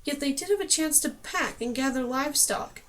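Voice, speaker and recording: A woman voicing a calm, thoughtful male mage who muses and reassures in a measured way. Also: high-pitched.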